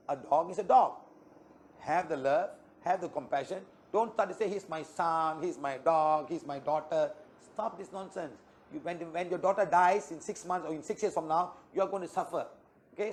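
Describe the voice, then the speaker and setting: A man teaching a healing workshop, lecturing an audience and checking in with "okay?" as he retells clients' words. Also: on the high side. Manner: retells clients' words in short quoted exchanges.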